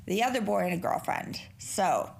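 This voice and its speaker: Lively, foul-mouthed middle-aged woman host. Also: medium pitch, moderate pace, creaky. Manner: profane, rambling and animated. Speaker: podcast host. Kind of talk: casual solo podcast chat.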